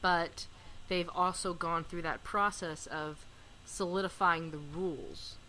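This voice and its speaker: A woman's voice: fairly low pitch, fairly even intonation, slow, sharp tone, slight background noise, low-quality recording. A woman co-hosting a podcast in casual chat over an online call, talking freely and filling with "like". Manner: chatty, leans on "like" often. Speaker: podcast co-host.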